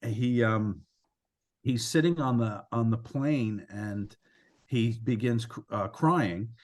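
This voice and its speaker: A man, a co-author and interview guest, recounting stories in a relaxed, explanatory way. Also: medium pitch, slow. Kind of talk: conversational storytelling.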